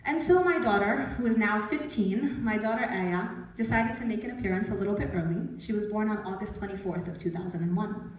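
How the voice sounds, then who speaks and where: A woman in her forties giving a storytelling talk as an author, lively and acting out the voices she quotes. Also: medium pitch, fairly quick, few pauses. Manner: lively, acts out quoted voices, laughs often. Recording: echoey hall, speaker from far off.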